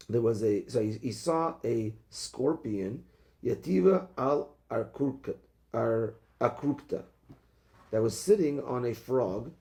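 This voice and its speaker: A man, a rabbi, teaching a Talmud class, reading out the text and translating it into casual talk, with many halting restarts. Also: mid-range voice, gravelly, warm tone.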